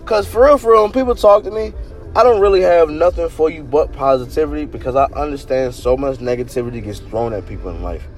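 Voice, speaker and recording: A man hosting a podcast, telling a story casually with lots of swearing and animated laughter. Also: on the high side, quick pace, faint music behind. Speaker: podcast host.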